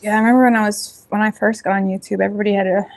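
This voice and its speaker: A woman with a Nova Scotian accent doing a tarot reading in a rambling, casual chat, full of fillers and self-corrections, blunt and quick to laugh. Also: medium pitch, fairly even intonation, darkish tone. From Nova Scotia, Canada. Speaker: tarot reader.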